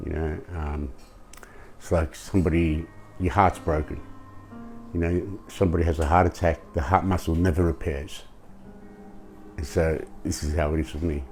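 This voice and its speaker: An older man giving emotional interview testimony, speaking in a halting way and repeating words. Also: very deep voice, steady tone, a little mellow, faint music behind. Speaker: grieving father interviewed.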